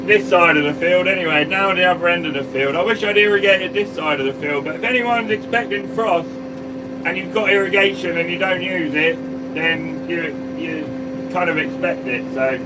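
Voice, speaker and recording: A man, a farmer, chatting casually on a live stream from his sprayer cab and greeting viewers by name. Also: sits high. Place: sprayer cab on a farm field. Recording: mic at a distance, vehicle noise.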